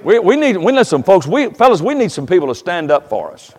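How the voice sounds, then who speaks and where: A man preaching a sermon as pastor, telling folksy stories and rising to loud, emphatic preaching. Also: high voice, sing-song, a little fast, big-room sound. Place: church sanctuary.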